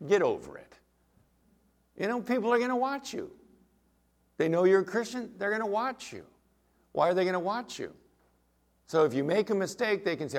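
Male pastor preaching, animated and emphatic, quizzes the congregation. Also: sits high, moderate pace, long pauses. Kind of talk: sermon.

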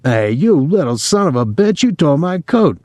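A man voicing a burly, belligerent soldier with a gruff manner, reading a novel. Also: a little high, very animated, normal speed, darkish tone, no echo, clean studio sound, pitched above the performer's own voice. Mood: angry. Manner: gruff, blustering.

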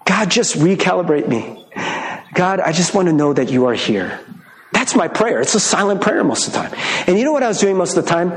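A man preaching a sermon as pastor, talking in a conversational, animated way and laughing often. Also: sits high, brisk, roomy sound, big-room sound. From Michigan.

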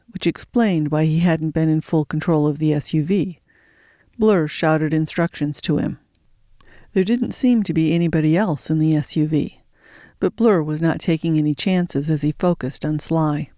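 A narrator reading a thriller audiobook in a steady storytelling voice, slowing for suspense. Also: mid-range voice, no echo, clean studio sound.

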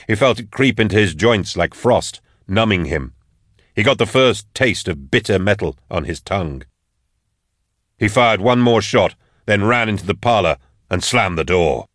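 Male audiobook narrator, low register, dry booth sound, measured delivery. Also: lively intonation, a bit bright, no room sound. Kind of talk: scripted narration.

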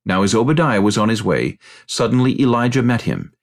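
A man narrating a dramatized scripture reading in a deliberate, measured way. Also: on the low side, big pitch swings.

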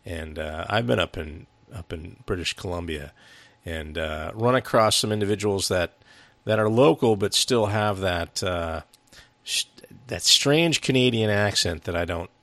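A man with a very low, gravelly voice chats casually on a film review podcast. He rambles, restarts his sentences and swears freely. The sound is dry and close. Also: a little slow, a bit bright, no room sound. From United States. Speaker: podcast co-host.

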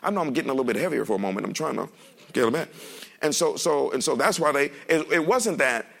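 Man, pastor, sermon, gravelly, animated, joking, church. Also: medium pitch, fast. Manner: animated, joking, speaks with the congregation. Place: church sanctuary.

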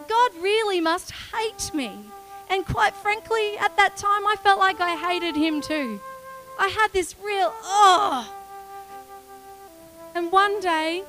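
A middle-aged woman pastor giving a heartfelt, tearful testimony and prayer in a church service, speaking softly with emotional swells. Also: extremely high pitch. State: crying a little.

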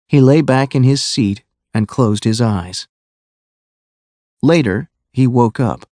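A man narrating a graded-reader audiobook in a clear, measured way. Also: mid-range voice, warm tone, dry recording.

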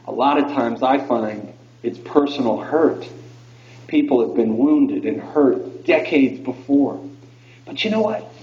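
A man giving a live talk to an audience about the faith, telling stories in an animated way and calling the crowd "folks.". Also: mid-range voice. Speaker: Catholic speaker. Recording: echoey hall, dull lo-fi sound.

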